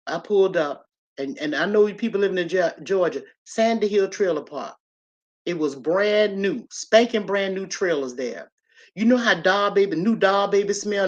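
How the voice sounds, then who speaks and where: Animated woman telling a story. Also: mid-range voice, muffled recording. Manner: animated, talks straight to listeners. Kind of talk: personal storytelling to an audience.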